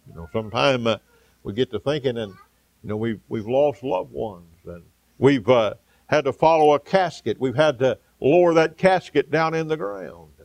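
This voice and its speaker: A male pastor delivering a sermon, building to fervent exclamations and calling out amen and hallelujah, with frequent "uh" pauses. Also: mid-range voice, vocal fry, a little mellow, no echo. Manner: preaching, rising to fervent exclamations with frequent "uh" fillers; calls out amen and hallelujah to the congregation.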